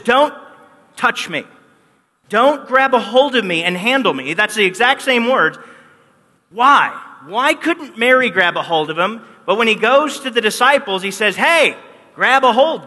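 Guy preaching in a big echoey hall, high bright voice, gets really animated telling the story. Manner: animated storytelling, acts out quotes. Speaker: pastor. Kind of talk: sermon. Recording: long hall reverb.

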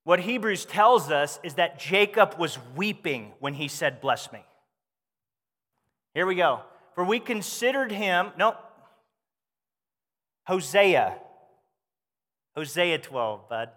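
Male pastor, high forceful voice, animated conversational sermon, church-hall reverb. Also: slow pace, pauses often.

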